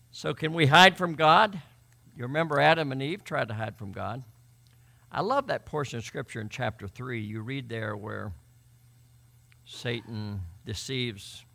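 A man preaching a sermon as pastor, building to emphatic, forceful peaks. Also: mid-range voice, vocal fry.

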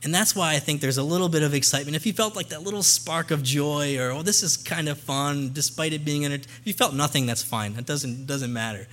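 A man's voice: a little high, a little fast, hardly any pauses, fairly bright tone. A young man speaking as a missionary guest to a church congregation, earnest and conversational, into a microphone. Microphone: handheld or stand mic.

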